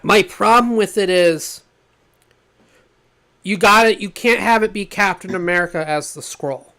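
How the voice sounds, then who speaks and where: A man co-hosting a podcast in casual chat, animated and laughing often as he pitches ideas. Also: unhurried. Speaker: podcast co-host.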